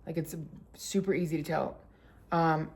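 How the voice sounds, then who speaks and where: A young woman in her twenties chatting casually as a vlogger, filling every pause with "like" and breaking into laughter. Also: steady tone, darkish tone. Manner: filler-heavy with constant "like", bursts into laughter; acts out quotes with sudden high squeals. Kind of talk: casual storytime chat.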